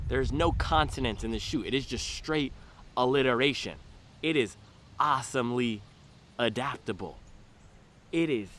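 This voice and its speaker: A man casually reviews running shoes in a playful, rambling way. His voice sits at an everyday middle pitch. Faint outdoor traffic noise hums in the background. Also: fairly bright tone. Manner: playful, goofy asides and drawn-out silly pronunciations.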